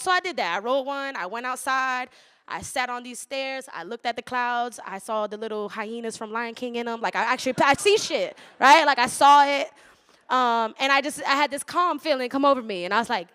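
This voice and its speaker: This young spoken word poet has a fairly high, slightly bright voice with a clear, resonant tone. Her poems come out rhythmic and measured, and her between-poem banter is loose, laughing and profane.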